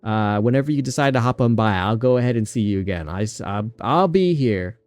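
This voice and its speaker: A man's voice: on the low side, expressive, a little fast, darkish tone, dry recording, soft background music. A young man streaming a game, chatting casually and rambling between bits of game text he reads aloud. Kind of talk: casual gaming livestream chat.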